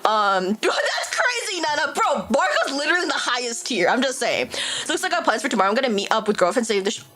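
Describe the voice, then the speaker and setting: A young woman streamer chatting casually with her viewers, animated and talkative, swearing and laughing often. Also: sits high, rapid-fire. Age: young adult. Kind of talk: casual livestream chat.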